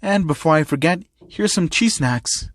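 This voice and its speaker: A patient, fatherly school principal, read aloud by a man, calm and measured with a hint of weary exasperation. The voice is fairly high for a man, recorded dry and close. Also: dry recording, natural voice.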